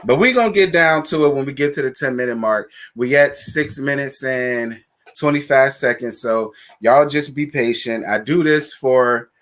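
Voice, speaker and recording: A man with a mid-range voice hosts a casual live stream, chatting with viewers in a sassy, blunt, profane way. He gives shout-outs and asks for likes.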